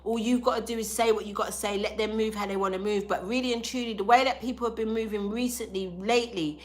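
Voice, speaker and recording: A young woman giving a live tarot reading to viewers, loud, profane and animated, with a sore throat. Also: fairly high pitch, quick pace. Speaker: tarot reader.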